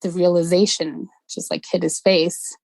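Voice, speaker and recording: Speaking at a moderate pace, a woman with a lowish voice and vocal fry tells a childhood ghost story as a guest storyteller. She's from West London, talks casually and animatedly, and acts out quoted voices. The recording lacks room sound and is low quality.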